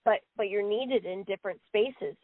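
A woman medium talks through a narrow, phone-like line with no room sound at all. She rambles on, stringing messages together with "he says" and "you know." Her voice sits at an ordinary middle pitch. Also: normal speed, dry recording. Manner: rambling, relays quotes with frequent "he says". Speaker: psychic medium relaying messages. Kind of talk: live radio talk.

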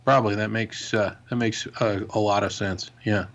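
A man's voice: on the low side, steady tone, moderate pace, lo-fi sound. A man co-hosting a casual film podcast, with dry, sarcastic remarks. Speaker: podcast co-host.

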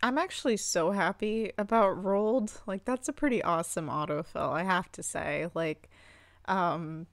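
A young woman chatting casually over her gameplay, excitable, squealing and swearing at what happens on screen. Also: fairly low pitch, moderate pace, no room sound. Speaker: gaming channel host.

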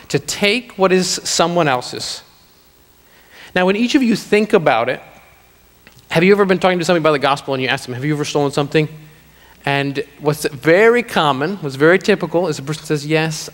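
A man preaching a sermon to a congregation, slowing down to stress key lines. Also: fairly high pitch, fairly bright tone. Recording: long reverb of a hall.

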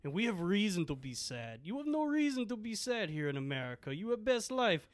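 A woman's voice: mid-range voice, very animated, brisk, lightly acted. A man voicing a blunt, matter-of-fact Russian woman with a Russian accent, speaking clipped broken English. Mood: lecturing.

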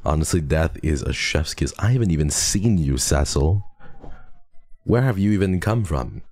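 A man's voice: very deep voice, expressive, moderate pace, a little mellow, no echo, clean studio sound. A man streaming and chatting with viewers while congested from a cold, playful and teasing with frequent laughter. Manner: playful, teasing, laughs often, mixes in Tagalog and Korean endearments. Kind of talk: casual chat with chat readers.

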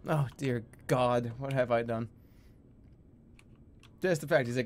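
A young adult man gives casual live-stream commentary, laughing often and breaking into exclamations. His voice sits at an ordinary pitch, and keyboard typing is heard behind him. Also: a little slow, darkish tone.

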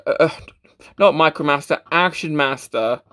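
Bright and forceful in tone, this fairly high-pitched voice moves at normal speed as a man casually reviews a toy. He stammers often, restarts, and says "uh" to bridge gaps, in a self-deprecating, down-to-earth way.

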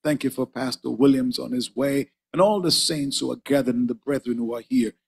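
A man's voice: mid-range voice, a little fast, vocal fry, slight background noise. A man preaching and praying fervently in a church, repeating "oh God" between phrases. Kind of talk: sermon and prayer. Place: church sanctuary.

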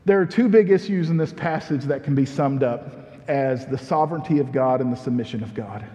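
A man's voice: mid-range voice, a little fast, warm tone. A man preaching a sermon to a congregation, earnest and leading them in call-and-response. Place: church sanctuary. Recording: muffled church hall recording with long reverb.

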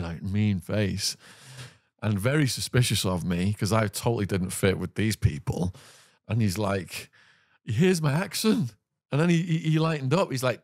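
British man telling a lively story. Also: fairly low pitch, dry recording, clean studio sound. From Britain. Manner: animated, vivid storyteller with quick laughs and asides. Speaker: podcast guest. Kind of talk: storytelling in conversation.

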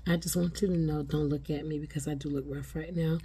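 A woman recording a soft, faith-filled video message of encouragement. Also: sits low, fairly even intonation, a little fast, slightly rough.

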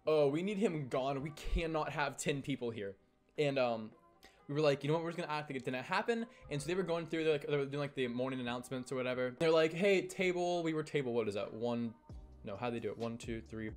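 Young male storyteller, casual and rambling, slightly raised pitch, soft music underneath. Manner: rambling, self-correcting, acts out quotes. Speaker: storytelling vlogger.

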